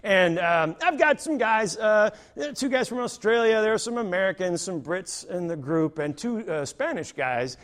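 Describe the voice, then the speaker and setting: A male stand-up comedian telling a story on a theater stage, animated and acting out the people in it. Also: high-pitched, normal speed, few pauses. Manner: animated, acts out characters.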